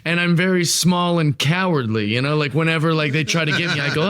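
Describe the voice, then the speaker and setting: A man's voice: fairly high pitch, normal speed, hardly any pauses, a bit bright. A man co-hosting a wrestling podcast, talking in a playful, boastful heel-style bravado. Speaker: podcast co-host. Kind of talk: comedic casual chat.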